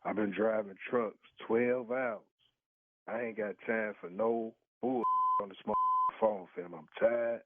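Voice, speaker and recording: The voice is on the low side, animated but unhurried, and the recording is dry. He's a prank call target in a heated conversation over a tinny telephone line, blunt and profane as he repeats the same questions again and again.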